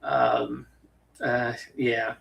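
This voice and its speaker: A man's voice: medium pitch, very animated, drawn-out words, gravelly, a bit bright, far from the mic, poor audio. A man from the western United States with a general American accent, chatting casually on a livestream with lots of fillers and restarts. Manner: rambling, many fillers and restarts. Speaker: livestream host.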